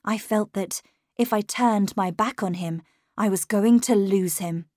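A woman narrating a first-person story in a measured, unhurried storytelling manner. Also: medium pitch, mellow, no room sound, clean studio sound. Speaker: audiobook narrator.

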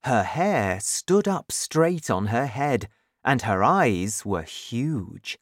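A woman narrating a children's storybook in a slow, clear, expressive reading. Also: rumbling low, no echo, studio quality.

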